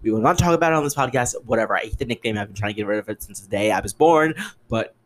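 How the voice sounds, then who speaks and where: A young man hosting a solo podcast, ranting in an exasperated, sarcastic way and swearing freely, jumping between loud outbursts and muttered asides. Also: fairly low pitch, rapid-fire, a little hiss or hum. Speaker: podcast host.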